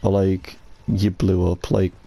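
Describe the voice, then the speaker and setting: Young British gamer, low gravelly voice, sweary banter, rambling delivery. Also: male voice, monotone, takes it slowly, warm tone. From United Kingdom. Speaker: streamer playing with friends. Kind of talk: casual gaming chat.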